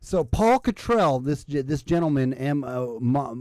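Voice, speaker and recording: A man's voice: mid-range voice, expressive, measured pace, mellow, no room sound. A man hosting a live call-in stream with casual drinking banter. He is a little drunk, rambles and swears, and keeps relaying the caller's words to his co-hosts.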